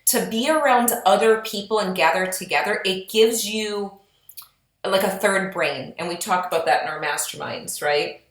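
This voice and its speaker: A woman co-hosting a podcast, talking in an earnest, chatty way that turns animated when she quotes people. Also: mid-range voice, normal speed. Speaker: podcast co-host. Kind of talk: casual podcast talk. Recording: roomy echo.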